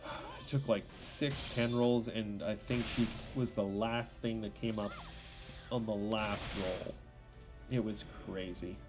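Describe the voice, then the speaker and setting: A man's voice: fairly low pitch, fairly even intonation, slow, music in the background. A man streaming live gameplay who chats casually, with fillers and self-corrections.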